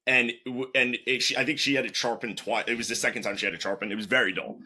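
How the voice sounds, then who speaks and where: A man hosting a casual conversational interview, an animated storyteller who restarts his sentences often. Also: medium pitch, quick pace, husky. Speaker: interview host, sales manager.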